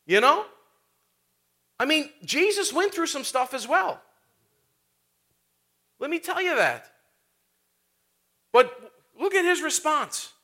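A man's voice: extremely high pitch, sing-song, takes it slowly, long pauses, bright, forceful tone. A man preaching a sermon as a pastor, in a conversational way full of rhetorical questions and asides.

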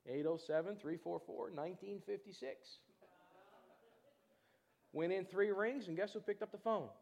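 A man preaching, telling a personal testimony in an animated storytelling way and acting out other people's voices. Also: high voice, normal speed, gravelly. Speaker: pastor. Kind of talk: testimony in a church sermon.

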